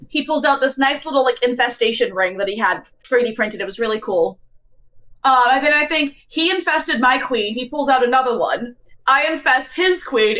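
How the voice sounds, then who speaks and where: A woman's voice: sits high, fairly bright tone, poor audio. Teasing woman podcast co-host. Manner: teasing, storytelling. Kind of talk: casual chat.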